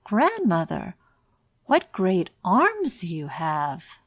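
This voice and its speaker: A woman's voice: on the low side, wildly swooping pitch, very slow, no echo, studio quality, exaggerated voice. A woman voicing a trusting, innocent little girl in a storybook read-aloud, in an earnest way. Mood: wondering.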